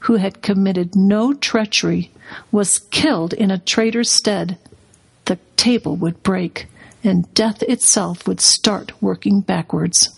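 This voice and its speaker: A woman reading aloud, voicing a great male lion in a storybook in a calm, measured way. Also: mid-range voice, gravelly, slightly rough, low-quality recording.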